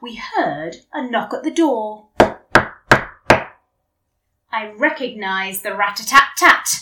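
Hushed woman guiding mindfulness. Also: mid-range voice, takes it slowly, heavy background noise. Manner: hushed, calming. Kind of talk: soft-spoken guided mindfulness.

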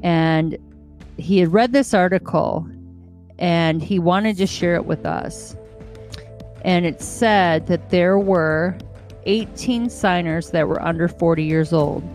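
A woman's voice: lowish voice, takes it slowly, darkish tone, faint music behind. A woman from the United States hosting a podcast, talking through a casual monologue in an earnest, heartfelt way, repeating phrases for emphasis. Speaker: podcast host.

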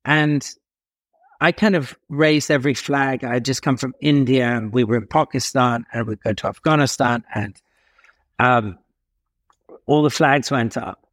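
A man from England telling a story as an interview guest, animated, with dramatic pauses and emphatic swings in pitch. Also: no echo, studio quality.

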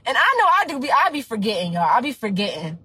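A woman's voice: on the high side, sing-song, quick pace, pushed and bright, breathy edge, rough recording. A young adult woman, a business coach, giving an emphatic, preachy motivational talk full of slang. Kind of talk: motivational talk to her audience.

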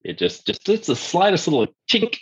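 A man's voice: on the high side, wildly swooping pitch, moderate pace, husky, lo-fi sound. A man talking as a guest coach on a podcast, blunt and emphatic, swearing freely. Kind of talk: casual podcast chat.

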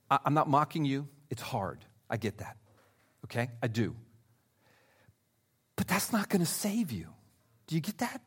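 A man preaching a sermon, talking straight to his listeners and swinging from loud emphasis to hushed asides. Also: a little high, breathy edge. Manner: conversational, speaks directly to listeners. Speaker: pastor.

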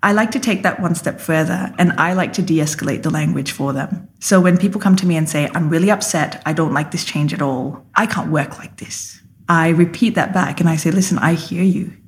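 A woman's voice: deep voice, brisk, hardly any pauses. A woman leadership coach speaking as an interview guest, explaining emphatically and acting out example phrases.

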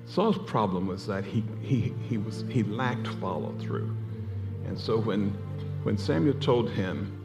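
A low-voiced male preacher with a lively, swinging delivery, acting out the characters as he tells the story. His voice rings with the long reverb of a big hall. Music plays clearly behind him. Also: a little slow. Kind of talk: sermon.

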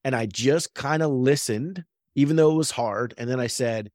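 A man's voice: medium pitch, normal speed, a little mellow, no room sound. Man, thirties, podcast co-host. Earnest, conversational storyteller, mid-range voice, dry close-mic sound. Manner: earnest storytelling, frequent "right?" tags. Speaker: real estate agent and podcast co-host. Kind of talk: casual faith-based business podcast chat.

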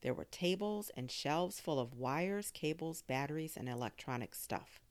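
Expressive woman narrating a children's story. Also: sits low, moderate pace. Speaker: audiobook narrator.

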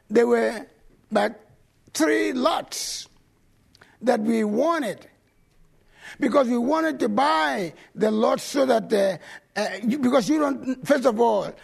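High raspy preacher guy, telling stories loud then quiet, crackly voice. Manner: animated, swings from loud to low. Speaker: pastor. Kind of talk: sermon storytelling.

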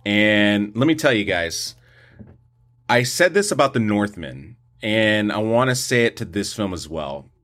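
A man co-hosts a podcast as a film reviewer, chatting casually about movies in an opinionated, rambling way full of restarts. His lowish voice is fairly bright and animated, and he speaks a little slowly.

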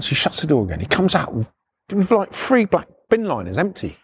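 A man's voice: a little high, wildly swooping pitch, fairly quick, husky. A middle-aged man telling blunt, swearing stories from his repo work in a casual podcast style, acting out the people in them. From United Kingdom. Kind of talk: casual storytelling.

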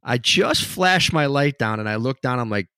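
A man's voice: mid-range voice, expressive, normal speed, pushed and bright, clear, resonant tone, dry recording. Man telling a story in a dry room. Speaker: podcast co-host, former canine handler. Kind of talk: casual chat.

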